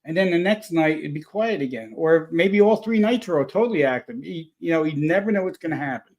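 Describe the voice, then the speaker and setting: A man telling a story in a casual chat, rambling and animated, full of restarts. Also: fairly high pitch, brisk. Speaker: paranormal investigator guest.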